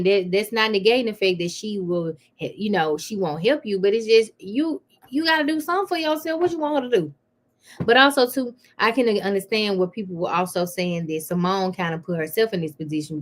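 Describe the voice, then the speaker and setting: A woman's voice: fairly low pitch, brisk. A woman hosting a live celebrity gossip stream, chatting casually and calling her viewers y'all, with plenty of fillers.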